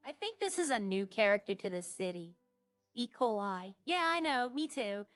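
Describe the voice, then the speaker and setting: A woman's voice: medium pitch, very animated, moderate pace, no room sound. A woman streaming a roleplay game, chatting casually and jokily to her viewers in a rambling way.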